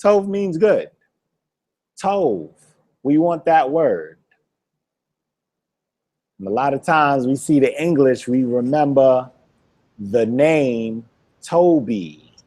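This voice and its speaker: A man's voice: mid-range voice, lively intonation, dark tone. A man teaching a Hebrew vocabulary lesson, quizzing a student, repeating each word and laughing often. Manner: repeats words slowly for drilling. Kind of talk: classroom lesson.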